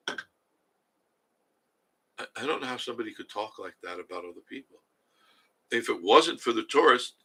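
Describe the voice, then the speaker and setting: An older man hosting a casual live stream, reading viewer comments and chatting in a rambling way with a husky voice. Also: mid-range voice, sharp tone, rough recording. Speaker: livestream host reading chat.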